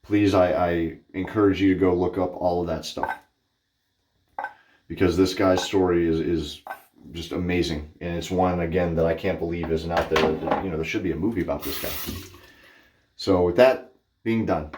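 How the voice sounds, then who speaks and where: A man from Texas with a notably deep voice talks his way through a shave. He rambles, breaks off to greet people, and corrects himself mid-sentence in a loose, chatty way. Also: steady tone, moderate pace, a little mellow, a little hiss or hum. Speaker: wet shaving channel host. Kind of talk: casual chat while shaving.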